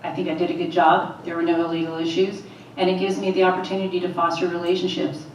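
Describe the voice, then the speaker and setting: A woman running for office, answering forum questions in a steady, measured way and repeating phrases for emphasis. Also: fairly low pitch, dull audio, a little hiss or hum. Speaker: political candidate. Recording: echoey hall, voice from far off.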